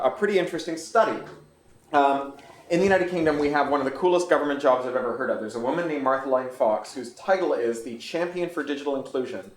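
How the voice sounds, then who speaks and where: A man in his forties, an author giving a fast, articulate talk about his novel at a bookstore event. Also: medium pitch. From Canada. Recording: echoey room recorded from far off.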